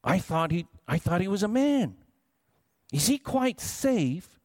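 A man's voice: high-pitched, very animated, takes it slowly, darkish tone, no echo, studio quality, heavily acted. A pastor reading aloud, voicing a nervous, polite young girl from a storybook.

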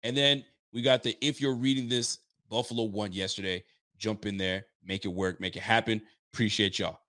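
A man's voice: on the low side, steady tone, moderate pace, fairly bright tone. A man from Nova Scotia casually chatting on his livestream, hyped and loose, repeating himself as he talks to viewers. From Nova Scotia, Canada. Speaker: sports fan streamer.

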